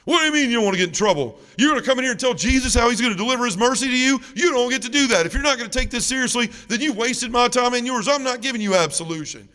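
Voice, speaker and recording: A man's voice: very high-pitched, expressive, very fast, few pauses, bright, forceful tone, big-room sound, voice pushed up, full character voice. A man voicing a stern, crotchety older priest who scolds sharply. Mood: angry scolding.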